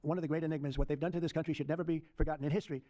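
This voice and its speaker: A man's voice: fairly high pitch, little pitch movement, very fast, warm tone. An older man answering reporters' questions in rambling, repetitive, dismissive remarks at a press conference.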